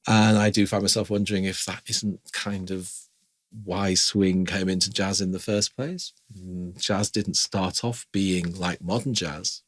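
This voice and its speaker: A man's voice: deep voice, steady tone, unhurried, no echo. A man teaching piano in a chatty, informal way, stopping to sing rhythm syllables aloud as he explains. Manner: chatty, scat-sings rhythms while explaining. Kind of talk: informal music lesson.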